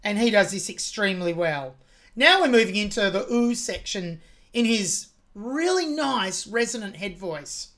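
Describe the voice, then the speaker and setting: An Australian woman reacting to a song, pausing the track to pick apart phrasing and vocal technique in detail. Her delivery is steady and mid-pitched, analytical but openly admiring. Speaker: music reaction host.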